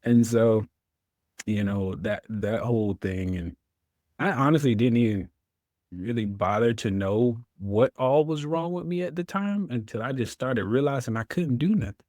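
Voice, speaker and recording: A man's voice: mid-range voice, animated, moderate pace, a little mellow, dry recording, clean studio sound. A man, a veteran guest telling his story in an interview, acting out his own past words.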